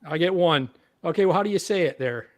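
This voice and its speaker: A man's voice: on the high side, animated, fast. A man with a Canadian accent hosting a casual livestream chat, playful and laughing as he keeps score. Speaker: podcast host.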